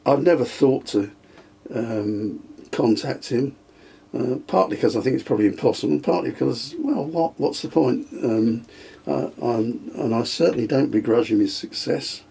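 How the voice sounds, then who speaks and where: Older man, husky, mid-pitched, hesitant storyteller. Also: normal speed, dark tone. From England. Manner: hesitant, many ums and restarts, chuckles often. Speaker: interviewee, the host's father. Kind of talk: casual reminiscing interview.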